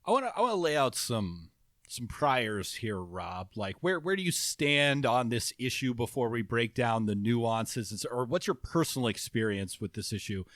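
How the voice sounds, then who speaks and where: A man co-hosting a podcast in casual chat, animated and quick to laugh, often restarting his sentences. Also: mid-range voice, dry recording, clean studio sound. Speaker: podcast co-host.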